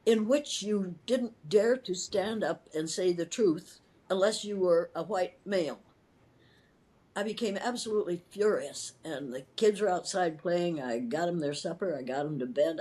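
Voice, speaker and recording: In an interview, a retired schoolteacher from Iowa, USA, now an older woman, tells her story in a fairly low, darkish voice with a breathy edge. She's impassioned and emphatic, repeating words and restarting sentences.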